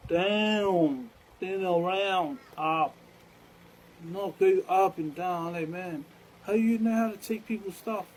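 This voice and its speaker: Man, high voice, mellow dark tone, rambling profane monologue, faint background noise. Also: poor audio. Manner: profane, rambling, acts out quoted exchanges; repeats "man" as filler.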